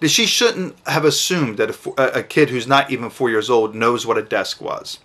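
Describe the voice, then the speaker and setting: A middle-aged father explains to camera how to talk with a child. His voice has a bright, ringing edge. He speaks slowly and deliberately, stressing each word clearly, his pitch sitting right in the middle for a man. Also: expressive. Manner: slow, deliberate, emphatic enunciation. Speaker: parent giving advice.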